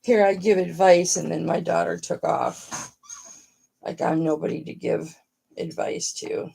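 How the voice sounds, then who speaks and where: A woman's voice: on the low side, steady tone, measured pace, vocal fry, warm tone, husky. A middle-aged woman hosting a casual live stream, talking frankly and motherly to her viewers and swearing freely.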